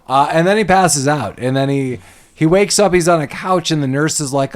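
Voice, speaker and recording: A man's voice: fairly high pitch, moderate pace. Man animatedly retelling a movie. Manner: animated retelling of scenes, laughs often. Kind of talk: casual film discussion.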